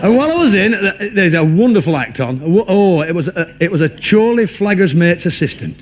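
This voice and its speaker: A man's voice: high-pitched, animated, a little fast. A man telling a rambling, stumbling story about a club act on stage. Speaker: stand-up comedian. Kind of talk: stand-up joke telling. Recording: noisy old broadcast.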